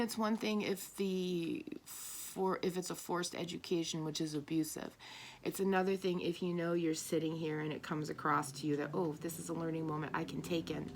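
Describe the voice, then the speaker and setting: A woman giving a casual, animated spiritual talk as a tarot reader. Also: on the low side, a little hiss or hum. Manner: animated, chatty, laughs often.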